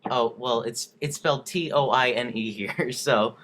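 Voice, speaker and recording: A man's voice: medium pitch, measured pace, a bit bright, slight background noise. A man giving a comic dramatic reading of song lyrics, laughing often and acting out the lines of the characters.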